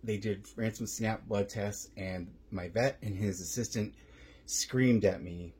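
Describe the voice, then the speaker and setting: A man's voice: fairly low pitch, steady tone, measured pace, darkish tone, breathy edge. A man talking casually at home on his vlog about his rescue cats, chatty and repeating himself. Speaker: vlogger and cat rescuer.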